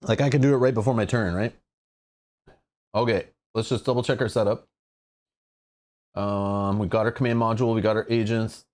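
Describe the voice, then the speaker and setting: A man streaming a live solo board game playthrough, thinking aloud, reading rules and chatting excitably with his viewers. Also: on the low side, normal speed, pauses often.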